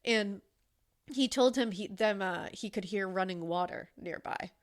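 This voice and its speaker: A woman's voice: mid-range voice, measured pace. Casual podcast woman telling a true crime case, acts out the quotes, swears a lot.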